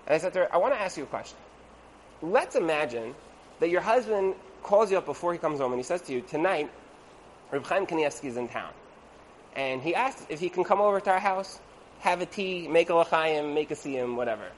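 A man giving a storytelling talk to an audience as a religious teacher, conversational and animated, acting out the people in his stories. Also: fairly high pitch, fairly quick, a little hiss or hum, low-quality recording. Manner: conversational, with frequent "like" and asides.

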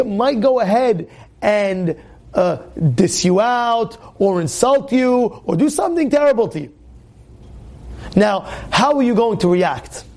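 A man giving an informal Torah talk to young listeners, animated and repetitive, full of fillers and restarts. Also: sits high. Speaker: Torah teacher.

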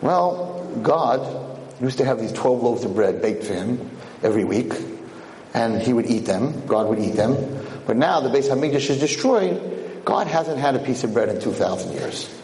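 A man's voice: medium pitch, expressive, moderate pace, darkish tone, a little hiss or hum, pitched below the performer's own voice, close to an everyday voice. A man voicing a simple, naive peasant who earnestly explains himself in a story he tells. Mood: worried. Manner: earnest, pleading. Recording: echoey hall.

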